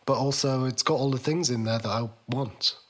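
A man's voice: mid-range voice, moderate pace, a bit bright. A middle-aged man co-hosting a casual podcast chat, dry and rambling with hesitant fillers. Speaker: podcast co-host.

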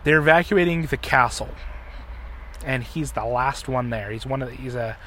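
A middle-aged man hosting a podcast, casually retelling a story in an animated way and acting out the quotes. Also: mid-range voice, normal speed, slight background noise. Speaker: podcast host.

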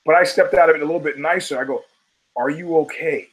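A man's voice: on the high side, racing, rough recording. A man hosting a solo podcast, talking in a wry, profane, digressive way with emphatic punches. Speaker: podcast host.

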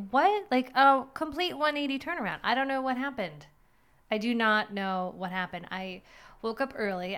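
A middle-aged woman hosting a podcast, talking candidly and at length about her day, rambling a little and laughing at herself. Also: mid-range voice. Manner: candid, rambling, self-deprecating with small laughs. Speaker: podcast host. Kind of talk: personal reflective monologue.

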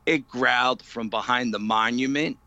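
A man's voice: medium pitch, normal speed, dull audio, crowd noise. A man, a paranormal investigator, telling a story in an interview with lots of fillers, acting out what people said. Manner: vivid storyteller, many fillers, acts out quotes.

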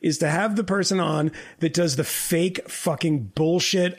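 A man's voice: fairly high pitch, fairly even intonation, normal speed, few pauses. A man co-hosting a podcast, ranting in a heated and profane way and throwing in mocking quoted voices. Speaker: podcast co-host. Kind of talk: heated political podcast rant.

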